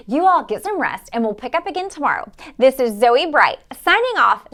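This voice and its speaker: A woman playing an enthusiastic young quiz-show host who talks excitedly to the kids watching. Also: high-pitched. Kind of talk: amateur stage skit.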